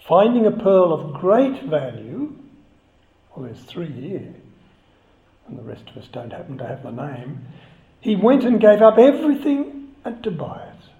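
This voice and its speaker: A man's voice: high voice, sing-song, measured pace. A man giving a chatty, conversational sermon and joking with the congregation. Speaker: preacher. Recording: echoey, slightly dull church recording.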